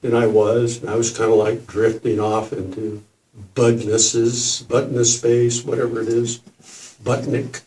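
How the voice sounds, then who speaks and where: A man's voice: medium pitch, unhurried. An older man in his seventies telling a personal story at a spiritual gathering, laughing and putting on voices as he goes. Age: 70s. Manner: animated, laughing, mimics voices in his stories. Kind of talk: storytelling talk. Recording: roomy hall, distant mic.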